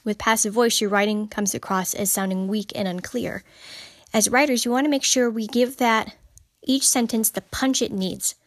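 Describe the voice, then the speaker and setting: A woman's voice: a little high, steady tone, moderate pace, dry recording. Emphatic woman teaching writing, dry sound. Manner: emphatic, repeats points for stress. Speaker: podcast host teaching writing. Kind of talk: informal teaching monologue.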